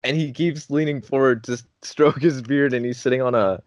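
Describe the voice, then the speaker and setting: A young man with a medium-pitched voice tells a story fairly quickly in a dull, dry, lo-fi recording with no echo. As a podcast host casually storytelling, he's animated and laughing, swears often, and acts out his friends' lines.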